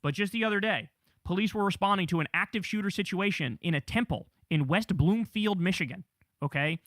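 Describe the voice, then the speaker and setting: Guy ranting on a live news stream, high voice, swears a lot, dry close sound. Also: brisk, a bit bright, no room sound. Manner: heated, swears, rants. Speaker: political show host.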